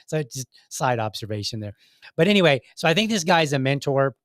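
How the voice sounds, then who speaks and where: An earnest man in casual conversation, rambling through his points with frequent restarts and asides. His voice sits at a middle pitch, and the sound is close and dry with no room around it. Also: very animated, brisk, fairly bright tone, no echo. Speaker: podcast host. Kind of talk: casual commentary on videos.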